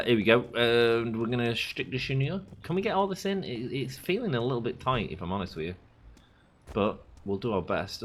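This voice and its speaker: A man in his thirties chats loosely over his gameplay, drifting from one rambling story to the next. His voice is bright and forward, a little under the weather, with a faint hum of noise behind him. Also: lowish voice. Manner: rambling, chatty, oversharing anecdotes. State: sick. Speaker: gaming channel host. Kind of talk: casual let's play commentary.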